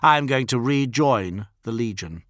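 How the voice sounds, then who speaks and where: A man's voice: medium pitch, animated, moderate pace, a bit bright, dry recording, clean studio sound, close to an everyday voice. A man voicing a smug, arrogant male warrior swordsman who sneers at his comrade, in an audiobook. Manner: sneering and supercilious. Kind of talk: audiobook character voice.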